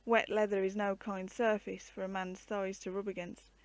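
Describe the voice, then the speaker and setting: Storyteller: woman, mid pitch, steady measured reading, dry close sound. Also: dry recording.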